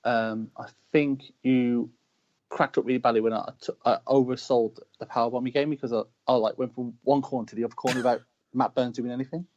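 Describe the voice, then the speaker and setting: British male wrestler, rapid animated storyteller, dull low-fi recording. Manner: animated, shouts quoted lines mid-story. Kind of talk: casual storytelling chat. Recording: dull lo-fi call audio.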